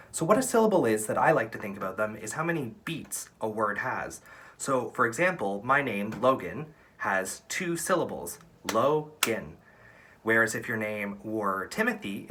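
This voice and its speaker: A young man teaching an upbeat, encouraging online drama lesson for kids, counting out syllables slowly. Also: medium pitch, bright, forceful tone, a little hiss or hum.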